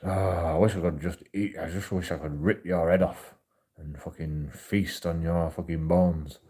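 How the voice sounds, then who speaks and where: A man's voice: low-pitched, fairly even intonation, measured pace, mellow, slightly rough, voice pushed down. A man putting on a menacing hungry lion.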